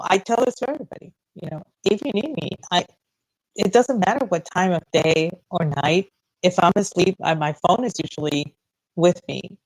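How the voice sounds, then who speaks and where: A woman's voice: fairly low pitch, dry recording, rough recording. A woman in her fifties co-hosting a casual radio chat show, talking freely and bluntly with frequent laughs, recorded in a radio studio. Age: 50s. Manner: chatty, laughs often, blunt. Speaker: radio co-host.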